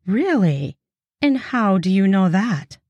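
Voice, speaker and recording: A woman's voice: medium pitch, very animated, slow, darkish tone, no echo, dull audio. Woman voicing a bold teasing older woman. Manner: sultry, teasing, hissing. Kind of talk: erotic audiobook reading.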